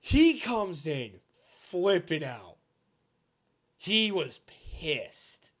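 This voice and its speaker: A young man in his twenties co-hosts a casual podcast and tells a story with plenty of swearing. His voice sits a little high and swings widely in pitch, and now and then he breaks into loud shouted impressions. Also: big pitch swings, very slow. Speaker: podcast co-host.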